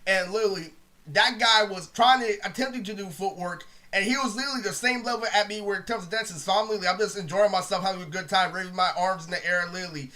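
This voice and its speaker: A young man telling a rambling, profane storytime monologue, saying "literally" constantly and dropping his voice low to quote other people. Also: fast, sharp tone. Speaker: storyteller vlogger.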